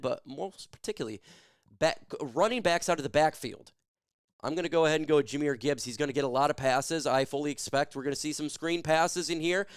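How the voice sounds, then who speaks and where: A man hosting a live sports stream, reading viewer comments quickly and shouting catchphrases with lots of energy. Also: a little high, clean tone, no room sound, clean studio sound.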